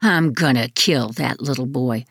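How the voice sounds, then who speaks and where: A woman voicing a cruel, taunting adult male care worker in an audiobook, speaking in short, flat, threatening lines. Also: extremely low pitch, measured pace, slightly rough, dry recording, clean studio sound, heavily acted. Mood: menacing.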